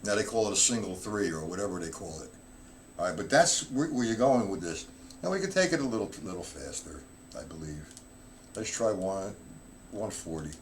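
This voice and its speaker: A man's voice: low voice, expressive, moderate pace, slight background noise. Man counting drum rhythms aloud. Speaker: drum teacher. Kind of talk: live-streamed drum lesson.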